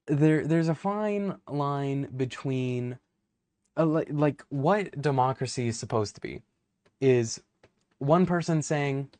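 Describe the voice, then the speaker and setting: A man's voice: medium pitch, darkish tone, dry recording. A young man vlogging to camera, ranting heatedly and rambling, with many fillers and swearing.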